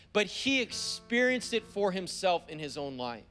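A man preaching a sermon as pastor, driving points home with repeated phrases and slowing down to read scripture. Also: high-pitched, sing-song, fairly bright tone, faint music behind. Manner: slows down when reading scripture aloud. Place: church service.

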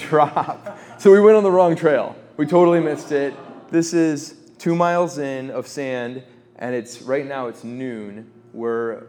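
Guy in his 30s telling a family story at a faith talk, chatty, bit of hiss behind. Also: mid-range voice. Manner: chatty, animated storytelling with laughs and restarts. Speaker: speaker at a formation talk.

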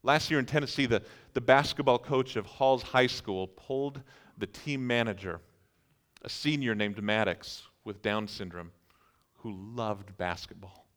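Animated male preacher telling stories. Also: mid-range voice. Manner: animated storytelling, acting out incredulous reactions. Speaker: pastor. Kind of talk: sermon.

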